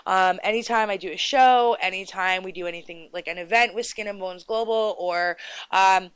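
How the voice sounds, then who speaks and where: A woman's voice: medium pitch, normal speed, clear, resonant tone, dry recording. A woman hosting her own radio show, chatting in a bubbly, rambling way into a close studio mic. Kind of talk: casual radio chat.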